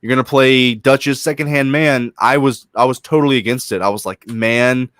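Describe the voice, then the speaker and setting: A man's voice: medium pitch, a little fast, fairly bright tone, no room sound, clean studio sound. A man co-hosting a casual gaming stream, swearing freely and retelling story scenes with passion.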